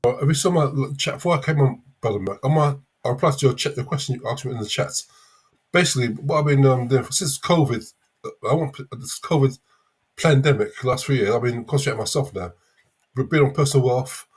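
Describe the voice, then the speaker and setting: London guy in his fifties calling in, talks fast, husky voice, rambles and restarts a lot. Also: medium pitch. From England. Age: 50s. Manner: rambling, halting, with many fillers and restarts. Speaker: caller. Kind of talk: casual chat.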